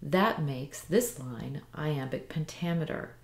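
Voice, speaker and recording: A woman teaching a poetry lesson, explaining meter slowly and reading lines aloud with careful emphasis. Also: sits low, expressive, echoey room.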